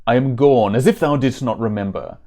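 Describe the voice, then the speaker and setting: A man's voice: mid-range voice, fairly quick, warm tone, close to an everyday voice. A man voicing a stern, earnest adult male warrior with a put-on German accent and formal old-style speech.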